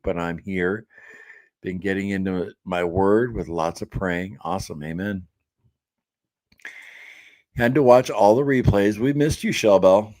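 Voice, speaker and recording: A man hosting a diet support live stream from his home office, chatting casually and reading viewer comments aloud with easygoing fillers and quick laughs. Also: fairly low pitch, a little mellow.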